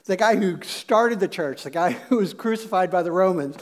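Give me a male pastor preaching with a notably high voice. He keeps it loose and jokey, with plenty of filler words. The sermon sounds like casual conversation rather than formal oratory. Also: expressive, normal speed.

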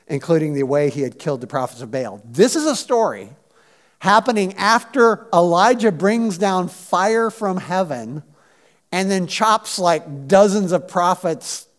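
A man preaching a sermon in a conversational, animated way, acting out quotes from scripture. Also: sits high, measured pace. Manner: conversational, animated, acts out biblical quotes in voices. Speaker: pastor.

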